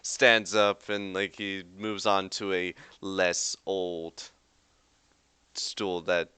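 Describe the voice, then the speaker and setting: A man's voice: low-pitched, level tone, extremely slow, sharp tone, clear, resonant tone, no room sound. A young man running a tabletop game as game master, narrating loosely with lots of "like". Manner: rambling with frequent "like" fillers.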